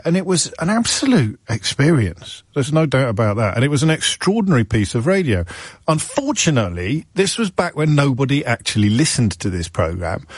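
A man's voice: medium pitch, dry recording, studio quality. A middle-aged man hosting a radio phone-in show, telling stories in a wry, rambling way and correcting himself as he goes. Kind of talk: chatty on-air monologue. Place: radio studio.

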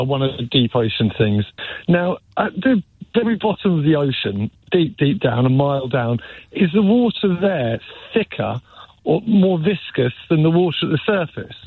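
A male caller on a tinny, narrow phone line, voice a little higher than usual and husky, swinging up and down in pitch. He asks his question in an eager, hesitant way, full of fillers. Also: big pitch swings, moderate pace, no echo.

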